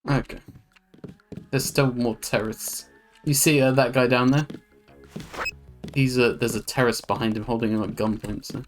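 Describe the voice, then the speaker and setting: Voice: mid-range voice, steady tone, moderate pace, long pauses, soft background music. A streamer casually commenting while playing a video game, swearing now and then. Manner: casual, swears, laid-back.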